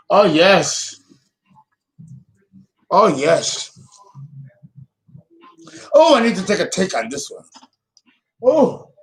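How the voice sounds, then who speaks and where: A man talking as an astrologer in a casual vlog monologue. He is theatrical and emotional, and he swings between loud bursts and low murmurs. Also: big pitch swings, very slow, long pauses.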